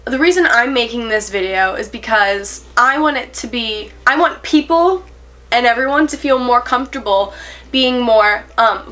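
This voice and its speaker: A woman's voice: fairly high pitch, a bit bright. An eighteen-year-old woman talking to camera in a casual vlog, earnest and a little nervous, rambling with fillers and self-corrections and breaking into giggles. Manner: giggly, self-conscious laughs. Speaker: vlogger.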